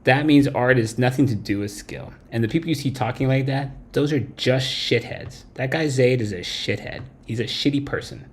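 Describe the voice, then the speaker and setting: A man's voice: mid-range voice, moderate pace, few pauses. Blunt, foul-mouthed male stream host. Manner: blunt, heavy swearing, tags lines with "right?". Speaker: livestream host. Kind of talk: profane late-night stream rant.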